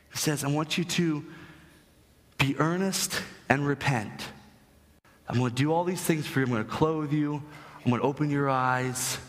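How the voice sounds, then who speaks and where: A man's voice: on the high side, moderate pace, pauses often. Man, pastor, sermon, emphatic delivery, long reverb from a church hall. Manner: emphatic, rising to strong emphasis on key lines.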